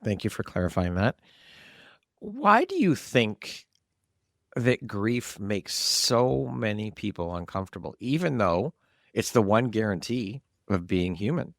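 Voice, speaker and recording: A man hosting a podcast interview, asking questions in a gentle, affirming way. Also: on the low side, normal speed, dry recording, clean studio sound. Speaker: podcast host.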